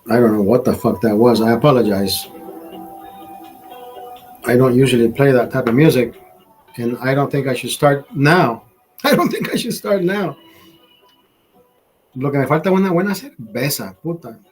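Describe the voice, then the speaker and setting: With faint music behind him, a livestream host talks at a moderate pace in a mid-range voice. Honduran-born and in Los Angeles, California, he rants casually, cursing heavily and code-switching between English and Spanish.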